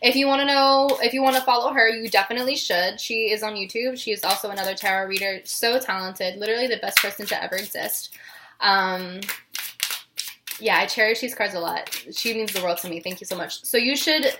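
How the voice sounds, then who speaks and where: A woman's voice: mid-range voice, brisk, noisy background. A young woman reading tarot cards in a casual vlog, emotional and giggly, with many fillers. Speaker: tarot reader.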